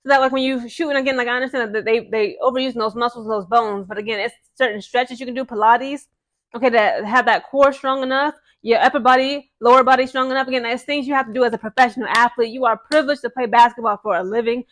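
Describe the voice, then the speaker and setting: High-voiced woman ranting fast about her team, keeps saying okay?. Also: a bit bright. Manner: fired-up, repeats "okay?" and "again". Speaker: sports vlogger. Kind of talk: casual ranting vlog.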